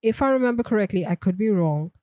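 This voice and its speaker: A woman's voice: mid-range voice, expressive, fast, a little mellow, no room sound, clean studio sound. A woman co-hosting a podcast in casual chat, talking thoughtfully and laughing easily. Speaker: podcast co-host.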